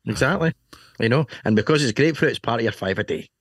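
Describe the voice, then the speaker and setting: A man's voice: mid-range voice, expressive, fast talker, slightly rough. A man co-hosting a podcast, joking and teasing his guests in casual banter. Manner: jokey, teasing. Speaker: podcast co-host.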